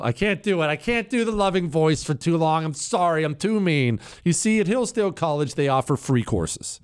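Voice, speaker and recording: A man's voice: normal speed, few pauses, smooth. A man hosting a political talk radio show, combative and mocking, with sarcastic jabs and punchy emphasis. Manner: lively pitch swings, stressing words.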